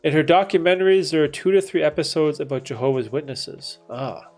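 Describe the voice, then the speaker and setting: A man's voice: a little high, steady tone, brisk, a little mellow, faint music behind. A man in his thirties hosting a livestream, reading chat and talking in a casual, laid-back way, with frequent dude and bro and some swearing. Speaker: livestream host answering chat.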